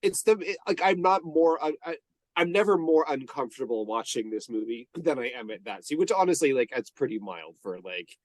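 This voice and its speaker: A man's voice: mid-range voice, animated, fairly quick, dry recording. A man co-hosting a podcast, chatting casually about a movie, rambling with restarts and frequent laughs. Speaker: podcast co-host.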